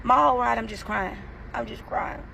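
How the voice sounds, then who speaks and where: A woman telling a story to her phone camera in a casual, animated, profane way. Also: on the high side, normal speed, gravelly, a little hiss or hum, rough recording. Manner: animated, profane, dramatic retelling.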